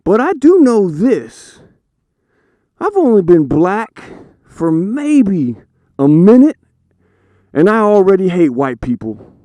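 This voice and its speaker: Man putting on a high, squeaky six-year-old kid voice, whiny and cheeky, for a spoken joke. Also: wildly swooping pitch, slow pace, pauses often, mellow, dry recording, heavily acted. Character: little boy, about six, whiny then cheeky.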